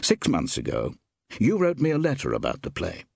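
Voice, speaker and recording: A man reading aloud, voicing a composed gentleman who speaks in a measured, politely probing way. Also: fairly low pitch, huge pitch swings, gravelly, breathy edge, no echo, studio quality, pitched above the performer's own voice, full character voice.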